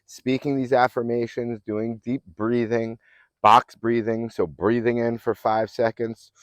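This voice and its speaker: A man's voice: mid-range voice, level tone, measured pace, clean tone, no echo. Earnest motivational coach, a man. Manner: earnest, affirming, with rambling restarts. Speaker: fitness and mindset coach. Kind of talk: motivational self-help talk.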